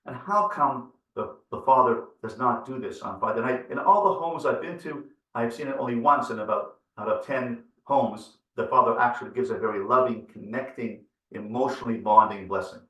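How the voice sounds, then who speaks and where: Earnest rabbi lecturing in a roomy hall. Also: male voice, medium pitch, moderate pace, hardly any pauses, sharp tone. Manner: earnest, piles up repeated phrases for emphasis. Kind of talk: storytelling lecture. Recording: roomy, from far off the mic.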